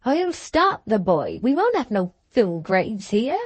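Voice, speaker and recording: Woman doing a weepy country wife, high voice, broad rustic talk, slow. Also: very animated, no room sound, exaggerated voice. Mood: pleading, indignant. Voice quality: broad rustic dialect speech. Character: tearful, homely, plain-spoken baronet's wife.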